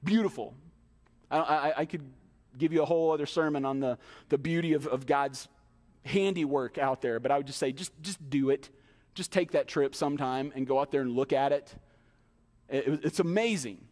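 A male pastor preaching a sermon in a church, emphatic, with rhetorical questions and quick acted-out asides. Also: a little high, a little mellow. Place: church hall. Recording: long hall reverb.

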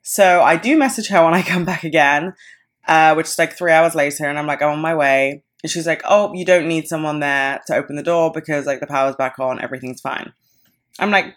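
A young woman in her twenties with a low-pitched voice tells a story on her podcast. She talks casually, swears freely and acts out what everyone said. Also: a little fast. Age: 20s. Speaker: podcast host.

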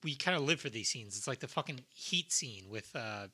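Male co-host for casual movie talk; bright, rambling delivery, swears freely. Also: mid-range voice, lively intonation, fairly quick, breathy edge. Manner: rambling, swears freely, quotes film lines. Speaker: podcast co-host.

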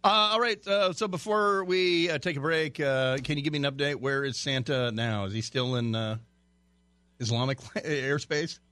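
A man's voice: mid-range voice, moderate pace, bright, forceful tone, no room sound. A man guest-hosting a radio talk show, reading a news story in a chatty way with stumbles and jokey asides. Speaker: radio fill-in host.

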